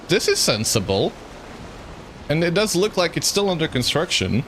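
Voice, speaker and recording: A man's voice: a little high, very animated, moderate pace, a bit bright, slight background noise. A man streaming a game, giving rambling, self-mocking commentary and chuckling often. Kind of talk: gameplay commentary.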